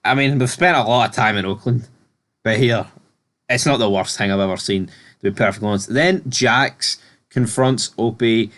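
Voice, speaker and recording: A man talks through a TV episode on a casual review podcast. His voice sits at an ordinary middle pitch, and his delivery is laid-back, with sweary asides. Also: moderate pace, a bit bright. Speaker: podcast co-host.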